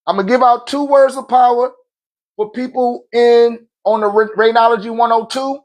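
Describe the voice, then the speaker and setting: Guy on a phone live, kinda high voice, preachy and slangy, laughs a lot. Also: steady tone, normal speed. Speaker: livestream host. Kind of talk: casual livestream talk.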